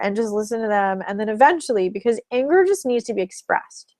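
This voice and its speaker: A woman working as a relationship coach, teaching in a webinar in a calm, explanatory way and acting out example phrases. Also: mid-range voice, fairly quick, no echo.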